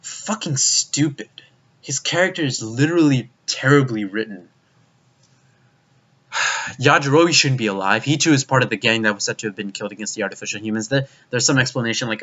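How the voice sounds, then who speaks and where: A man's voice: mid-range voice, brisk, bright, forceful tone. Young man, profane ranting review, exasperated, stumbling restarts, dull lo-fi mic. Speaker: anime reviewer. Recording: dull lo-fi recording.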